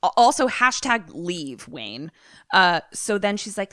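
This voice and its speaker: A woman podcast co-host in casual chat, retelling a film in a profane, animated way. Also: medium pitch, measured pace, no room sound, studio quality.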